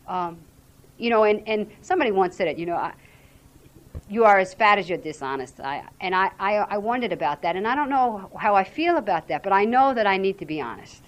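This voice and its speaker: A woman giving a frank, earnest personal share at a recovery fellowship weekend, talking candidly about her struggles. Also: medium pitch. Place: weekend retreat venue.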